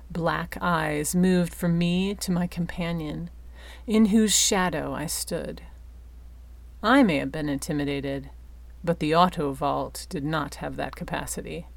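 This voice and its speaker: Slow, low-voiced woman narrating. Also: creaky. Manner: slow, deliberate storytelling. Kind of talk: audiobook narration.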